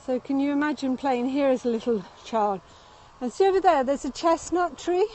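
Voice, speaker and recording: A woman's voice: high-pitched, normal speed, a little mellow, low-quality recording. A woman giving a live-streamed walking tour outdoors. She is chatty and rambling, laughs often, and is a bit out of breath from walking, talking into a phone she carries. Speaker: tour guide. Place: outdoors in a city meadow and gardens.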